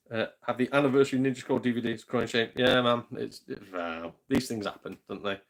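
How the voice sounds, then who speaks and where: A man's voice: medium pitch, moderate pace, gravelly. Chatty British man on a live stream. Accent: British English. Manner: chatty, rambling, swears mildly, drops to a hush. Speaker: gaming channel host. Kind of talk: casual live-stream chat. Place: home.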